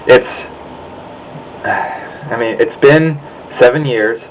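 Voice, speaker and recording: A man's voice: medium pitch, very slow, pauses often, a little hiss or hum, rough recording. A young American man in a profane, angry rant to his webcam, sighing and swearing as he complains. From United States. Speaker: vlogger. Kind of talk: ranting monologue.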